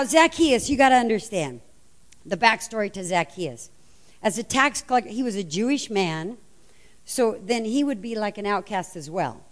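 A middle-aged woman preaching a sermon, telling the story with lively, acted-out voices. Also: fairly high pitch.

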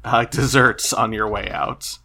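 A man running a tabletop role-playing game as game master, relaxed and laughing often. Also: mid-range voice, a little slow, a little hiss or hum.

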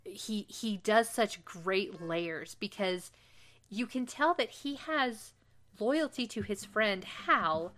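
A woman co-hosting a podcast, retelling a TV episode in casual chat with animated, quick delivery. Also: mid-range voice. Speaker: podcast co-host recapping a TV episode.

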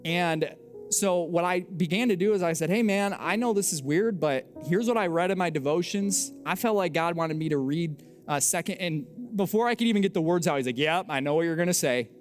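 A young adult man, a pastor, telling a story in a sermon with animated, self-mocking delivery and acted-out dialogue. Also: high voice, a little fast, soft background music.

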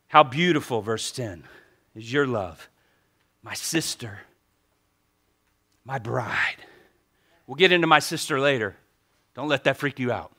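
A man preaching a sermon as pastor, animated and joking with the congregation. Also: mid-range voice, measured pace, long pauses.

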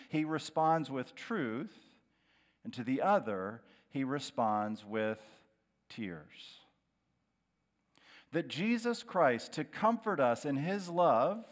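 Middle-aged pastor preaching in an echoing hall. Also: male voice, a little high. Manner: dramatic preaching, dropping to a hushed, slow voice on key words. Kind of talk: sermon. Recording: long hall reverb.

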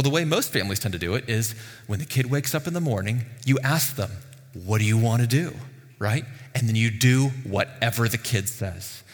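A man preaching a sermon as pastor, conversational and lively, with rhetorical questions and bursts of emphasis. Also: mid-range voice, in a large hall. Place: church sanctuary.

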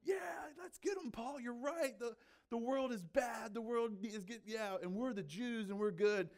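A preacher voicing an eager, self-righteous religious man who cheers along and shouts his agreement. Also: very high-pitched, normal speed, voice pushed up. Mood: gloating.

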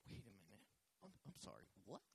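A man preaching a live sermon, passionate, swinging between loud shouting and soft asides to the congregation. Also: mid-range voice, wildly swooping pitch, quick pace, vocal fry, husky, no echo. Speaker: pastor.

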